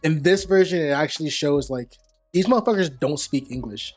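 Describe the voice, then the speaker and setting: A man's voice: fairly quick, soft background music. A man chatting casually about a movie, retelling scenes and acting out quotes. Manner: storytelling, acts out quotes in a lowered voice. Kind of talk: casual chat.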